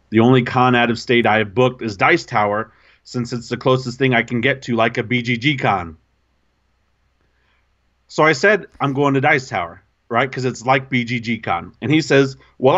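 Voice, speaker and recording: A man's voice: medium pitch, moderate pace, fairly bright tone, lo-fi sound. Self-mocking man telling a story. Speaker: podcast co-host. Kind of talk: casual storytelling chat.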